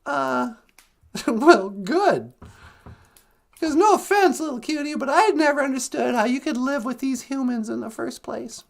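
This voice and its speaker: A woman's voice: high-pitched, expressive, unhurried, vocal fry, heavily acted. A woman voicing a boisterous, laughing male squirrel in a storytelling podcast. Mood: teasing.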